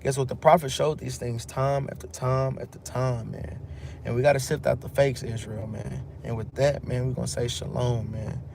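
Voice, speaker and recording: A man's voice: medium pitch, steady tone, normal speed, creaky, background noise. A man with a Texan accent teaching from scripture, reading verses aloud and then retelling them in loose street slang. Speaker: teacher of a religious group. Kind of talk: bible teaching with casual commentary.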